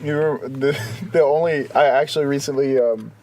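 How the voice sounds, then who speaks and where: A young man in casual podcast chat, talking haltingly and restarting often. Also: mid-range voice, steady tone, darkish tone. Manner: halting, many fillers and restarts. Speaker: podcast co-host.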